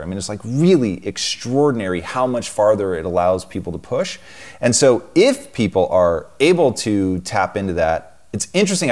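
A man's voice: fairly low pitch, darkish tone. A man hosting a long-form interview, thoughtful and building long, reflective questions. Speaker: interview show host.

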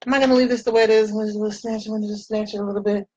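A woman's voice: mid-range voice, steady tone, racing, a little mellow, breathy edge, lo-fi sound. A woman in her forties chatting playfully with viewers while she does her makeup. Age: 40s. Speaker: makeup vlogger. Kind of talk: casual chat while doing makeup.

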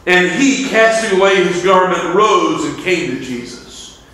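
Guy preaching a revival, kinda high voice, big echo off the church walls. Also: lively intonation, measured pace, pushed and bright. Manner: fervent preaching with quoted scripture in old-style wording. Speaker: evangelist preacher. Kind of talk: revival sermon. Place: church sanctuary. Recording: echoey church sanctuary.

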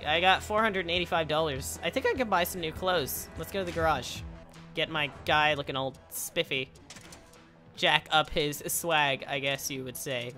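A man hosting a let's play video, chatting to himself as he plays, with sudden excited yelps and cheers. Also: a little high. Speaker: gaming channel host.

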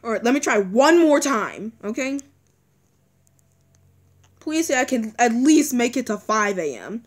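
A young woman talks through a tense video game in a high, bright voice. Her pitch leaps around constantly as she pleads with the game and repeats herself. It sounds like casual, anxious let's-play commentary. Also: sing-song, measured pace. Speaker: gaming video creator.

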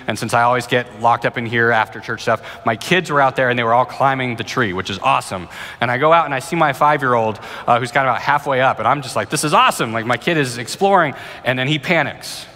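A man's voice: medium pitch, quick pace, sharp tone. A male pastor in his thirties preaching and answering questions in an earnest, conversational way, often restarting phrases. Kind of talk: sermon with Q&A. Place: church auditorium. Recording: reverberant church hall.

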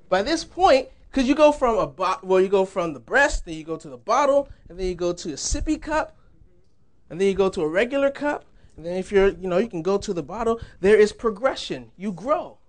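Young man preaching, high and playful. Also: lively intonation, moderate pace. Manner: humorous, conversational, laughs often. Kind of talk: sermon. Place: church.

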